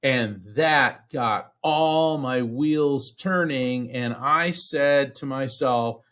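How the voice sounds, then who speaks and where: A man's voice: mid-range voice, fairly bright tone. Earnest man telling a personal story. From Central Florida. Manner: earnest, halting with restarts, acts out quoted voices. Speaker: podcast guest, psychic medium. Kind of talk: storytelling in a casual interview.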